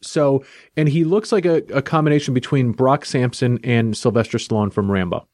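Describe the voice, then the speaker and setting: A man hosting a casual chat, recapping a comic book plot in a lively, jokey storytelling way. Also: mid-range voice, moderate pace, no room sound, clean studio sound. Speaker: podcast host reviewing a comic.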